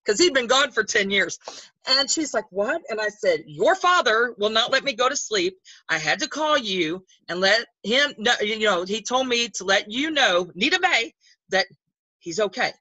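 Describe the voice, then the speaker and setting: Older woman, chatty storyteller, bright tone, husky, dry close recording. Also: on the high side, moderate pace, no echo, highs cut off. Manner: chatty, rambling with restarts, animated when quoting. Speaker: guest. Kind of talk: casual storytelling.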